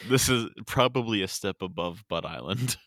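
A man's voice: fairly low pitch, moderate pace, fairly bright tone, no echo, clean studio sound. A man co-hosting a podcast in casual chat, laughing often and trying out joke accents. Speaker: podcast co-host.

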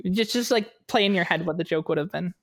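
A woman's voice: on the low side, fast, no echo, studio quality. A young woman co-hosting a casual podcast, rambling and playful with plenty of fillers, recording in an unfinished basement. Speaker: podcast co-host. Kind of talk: casual chat.

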